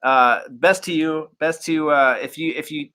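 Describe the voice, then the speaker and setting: A man hosting a casual chat, halting and often restarting his sentences. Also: a little high, steady tone, bright, forceful tone, slight background noise. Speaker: host.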